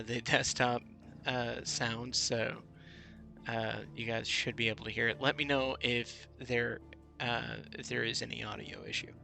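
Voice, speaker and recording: A man streaming his gameplay talks in an unhurried, drawn-out way, pausing and restarting often. His voice is bright and forward. Soft game music plays faintly underneath. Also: medium pitch, gravelly. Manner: chatty, many fillers and restarts. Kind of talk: casual gameplay commentary.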